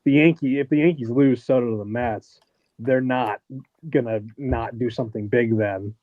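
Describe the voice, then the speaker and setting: A man on a sports podcast giving measured analysis, thinking aloud with fillers. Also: medium pitch, steady tone, no room sound. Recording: dry, slightly dull lo-fi sound.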